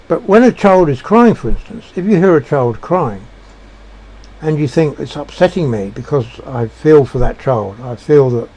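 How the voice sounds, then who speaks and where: Man, reflective monologue, gropes for words, somewhat high pitch, warm dark tone. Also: expressive. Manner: halting, searching for words, many restarts. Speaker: speaker sharing personal beliefs.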